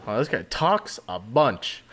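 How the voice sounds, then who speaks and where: A man's voice: medium pitch, very animated, slow, a bit bright, a little hiss or hum. A man giving casual let's-play commentary with chatty, self-mocking asides.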